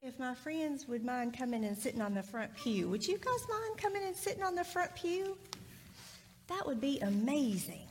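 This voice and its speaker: High-voiced woman giving a children's sermon. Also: lively intonation, normal speed, a little hiss or hum. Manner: friendly, asks children many questions. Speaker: children's minister. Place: church sanctuary.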